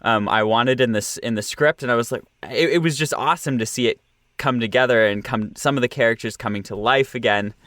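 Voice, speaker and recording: A man's voice: mid-range voice, a bit bright, no echo, clean studio sound. A young man, an audio producer and director, talking in a casual interview with many fillers and restarts. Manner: halting, many fillers and restarts, laughs often.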